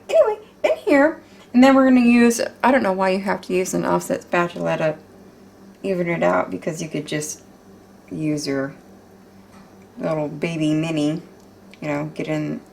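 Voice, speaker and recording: A woman's voice: on the low side, expressive, normal speed, vocal fry, pauses often, a little mellow. A woman chatting casually while baking in a home kitchen, exclamatory and free with swear words. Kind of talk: casual cooking chat.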